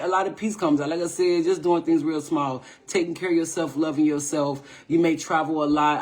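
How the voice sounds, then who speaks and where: An American woman with a low voice hosts a livestream tarot reading. She's playful and animated, swears freely, and follows her points with "all right?" to check in with viewers.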